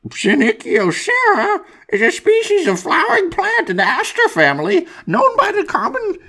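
A man putting on a chicken voice to read an encyclopedia entry, shrill and squawking with sudden shouted notes. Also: wildly swooping pitch, moderate pace, exaggerated voice. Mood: squawky.

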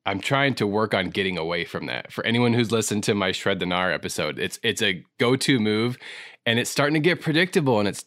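A man's voice: on the low side, a bit bright, dry recording, clean studio sound. Chatty, self-teasing male podcast host. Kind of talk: casual chat.

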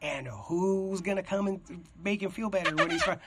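A young man rambling in a casual, profane chat, getting excited as he talks. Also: high voice, normal speed.

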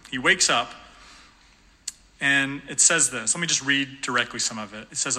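A man's voice: medium pitch, normal speed, pushed and bright. A man preaching a sermon as pastor, earnest and emphatic, building to passionate peaks. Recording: long church hall reverb.

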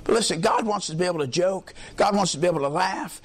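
A man preaching a sermon in a colloquial way, leading call-and-response with the congregation and often swelling into shouts. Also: high voice, quick pace. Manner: colloquial, peppers lines with "amen", swells into shouts.

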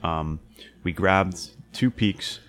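A young man with a very deep voice talks loosely in a casual chat. He rambles through his story with lots of fillers and restarts, and he swears freely. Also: very slow, fairly bright tone. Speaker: podcast co-host recounting a hiking trip.

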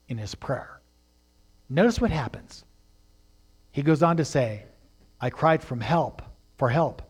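A man teaching a sermon, asking rhetorical questions and swinging between hushed, drawn-out phrases and loud, emphatic preaching. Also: fairly high pitch.

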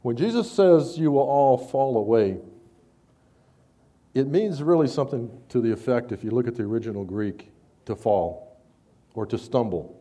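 A man preaching a sermon, conversational with stammered restarts, rising loud when he reads scripture. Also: mid-range voice, animated, normal speed, long pauses, husky.

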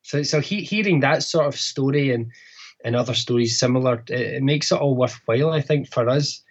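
A Scottish man from a bagpipe band, answering interview questions in a halting way with many restarts. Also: medium pitch, husky. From Scotland. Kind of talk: casual interview. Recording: muffled lo-fi line.

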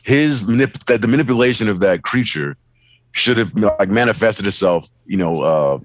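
A podcast co-host with a fairly low, expressive voice talks at a moderate pace on a rough recording. It's casual chat, and he rambles in a laid-back way, saying "you know" a lot and swearing casually.

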